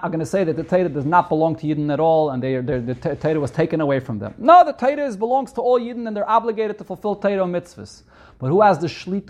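A man with a Yeshivish accent and a fairly high voice gives a Torah lesson. He reads each Hebrew phrase, then explains it in English, repeating the main points. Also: a little mellow. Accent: Yeshivish English with Hebrew and Yiddish terms. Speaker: Torah teacher. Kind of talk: reading Hebrew text and translating it into English.

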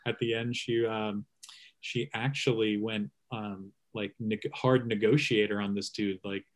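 A man's voice: fairly low pitch, level tone, measured pace, a little hiss or hum. A man hosting a casual conversation, rambling with frequent fillers and restarts.

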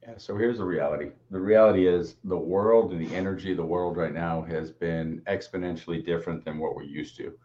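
A man with a very low, deep voice co-hosts a casual talk show, offering earnest, explanatory reflections. His audio sounds dull and lo-fi. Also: steady tone, fairly quick, hardly any pauses, dark tone. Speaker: co-host, teacher.

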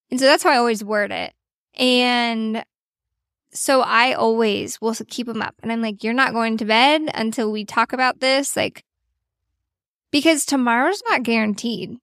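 A woman in her thirties hosting a casual podcast chat, telling stories in an earnest, animated way. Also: a little high, vocal fry, no room sound, clean studio sound. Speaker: podcast host.

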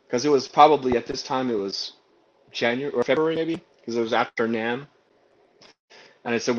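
Brief: man from Guam, animated and rambling storyteller, mid-pitched voice, video call audio a little dull. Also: fairly quick. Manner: animated, rambling, full of restarts and quoted dialogue. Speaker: guest, singer. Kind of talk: casual storytelling.

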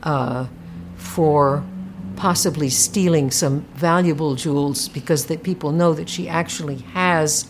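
A woman co-hosting a casual book chat, talking haltingly with many restarts. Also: low-pitched, fairly even intonation, background noise. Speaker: podcast co-host discussing a book.

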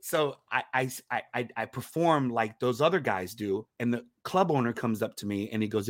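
A man telling stories in a casual interview as a comedian guest, animated, laughing often and restarting his words. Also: mid-range voice, moderate pace, few pauses, no room sound, clean studio sound.

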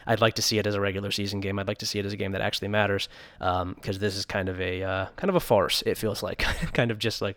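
Smooth-voiced joking podcast co-host man. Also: lowish voice, fairly even intonation, racing, few pauses, no room sound, clean studio sound. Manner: joking, rambling with restarts. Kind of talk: casual sports chat.

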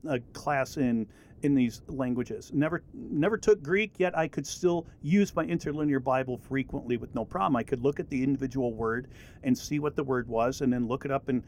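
A middle-aged man giving a relaxed, rambling Bible lesson with many fillers and restarts. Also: mid-range voice. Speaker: Bible teacher. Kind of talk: casual recorded lesson.

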